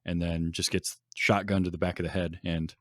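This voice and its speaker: A man's voice: low-pitched, flat delivery, normal speed, no echo, studio quality. A man hosting a podcast in casual chat, enthusiastic, laughing often and restarting his sentences. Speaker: podcast host.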